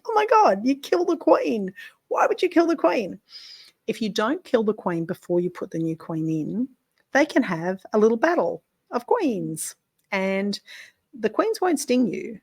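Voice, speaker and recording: A woman's voice: mid-range voice, dry recording. A woman beekeeper explaining hive care in a chatty, frank how-to vlog, with casual swearing.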